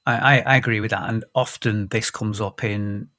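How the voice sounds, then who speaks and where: A man's voice: lowish voice, moderate pace. A man in his fifties, hosting a podcast in casual conversation and telling stories with lots of restarts. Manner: animated storyteller with frequent restarts. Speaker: podcast host.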